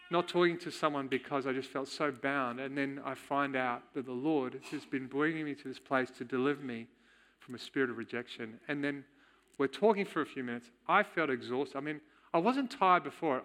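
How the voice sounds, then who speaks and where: Aussie guy sharing his testimony at church, bit high, bright punchy voice, candid and chatty. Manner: candid, storytelling, quick chuckles. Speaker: church speaker. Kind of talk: personal testimony in a sermon.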